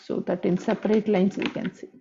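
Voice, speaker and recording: A woman's voice: medium pitch, level tone, brisk, creaky, warm tone, slight background noise. A woman teaching a screen-recorded coding lesson, explaining step by step, spelling out tag names and repeating key points. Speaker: programming tutor. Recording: dull lo-fi audio.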